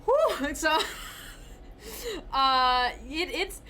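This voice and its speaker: Chatty high-voiced woman hosting a stream. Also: expressive, moderate pace, a bit bright, slight background noise. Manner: chatty, rambling, with frequent restarts and laughs. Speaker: livestream host. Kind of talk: casual livestream chat. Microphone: desk camera mic.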